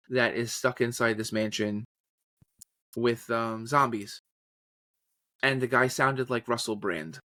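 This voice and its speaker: Man, casual interview storyteller, animated, mid pitch, dry close sound. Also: no room sound. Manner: animated, slips into trailer and character voices. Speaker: podcast guest, voice actor and journalist.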